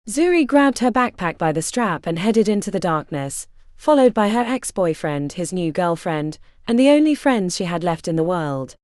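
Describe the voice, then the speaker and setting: A woman reading a fantasy audiobook as its narrator, in an expressive storytelling manner. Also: lowish voice, no echo, clean studio sound. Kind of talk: scripted narration.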